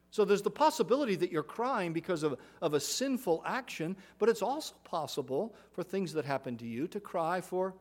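A middle-aged man preaching a sermon in an earnest, measured way, often softening at the ends of phrases and restarting with an occasional "uh". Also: on the high side. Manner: repeats words and restarts with uh.

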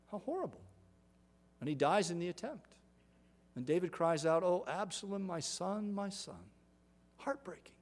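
Middle-aged male preacher, earnest sermon delivery, a touch higher-pitched, phrases trail off softly. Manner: earnest, measured preaching with falling, softened phrase endings; repeats words and restarts with uh.

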